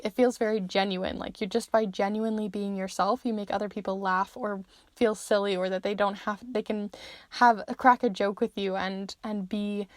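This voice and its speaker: A woman's voice: medium pitch, no room sound. A young woman giving a chatty tarot reading, full of fillers, who says she is losing her voice. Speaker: tarot reader.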